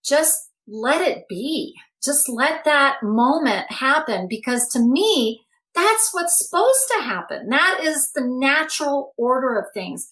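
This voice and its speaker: A woman's voice: high-pitched, expressive, slow pace, a bit bright. A woman speaking as a guest coach in a podcast conversation, earnest and emphatic as she advocates for letting emotions out.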